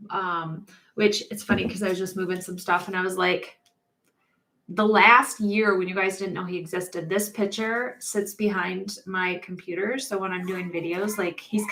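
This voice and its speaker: A woman, a mortician hosting a casual live-stream chat, talking in an upbeat, rambling way with frequent laughs and pauses. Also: mid-range voice, sharp tone. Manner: chatty and upbeat, laughs often between thoughts; rambling with frequent ums and restarts.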